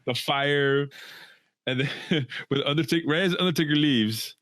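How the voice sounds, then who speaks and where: Brief: male podcast co-host, dry close sound, medium pitch, laid-back and chuckling. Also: normal speed, fairly bright tone, no echo. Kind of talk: casual chat.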